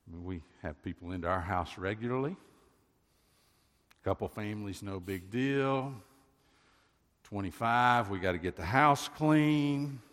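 Man preaching in a long-echoing hall. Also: fairly low pitch. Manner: conversational preaching with sudden loud swells and quiet asides. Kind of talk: sermon. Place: church sanctuary. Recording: long reverb of a large hall.

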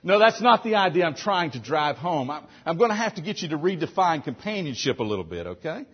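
Husky man preaching with wide swings. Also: a little high, big pitch swings, a little fast, lo-fi sound. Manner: rhetorical questions, emphatic, swings between loud and soft. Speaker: pastor. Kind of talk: sermon.

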